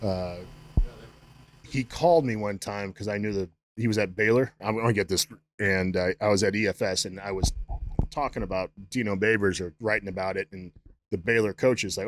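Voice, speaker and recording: A man's voice: on the low side, steady tone, a little fast, a little hiss or hum. A man, a strength coach guest on a podcast, telling profane, loose stories about his football coaches. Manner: profane storytelling with acted-out quotes. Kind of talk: casual chat.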